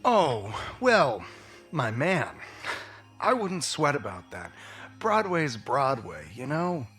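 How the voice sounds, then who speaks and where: A man voicing a slick male showbiz agent who flatters and reassures in a smooth-talking way. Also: mid-range voice, takes it slowly, faint music behind, pitched below the performer's own voice. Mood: reassuring.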